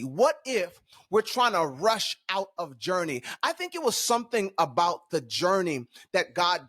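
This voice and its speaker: A man's voice: high-pitched, fairly bright tone. A man co-hosting a faith podcast, talking in a fervent, preachy way and repeating phrases for emphasis. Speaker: podcast co-host. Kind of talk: casual faith podcast talk.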